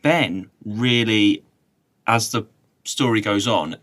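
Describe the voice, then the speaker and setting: A man with a lowish, fairly bright voice talks slowly as a podcast co-host. The conversation is a casual chat, and he laughs often.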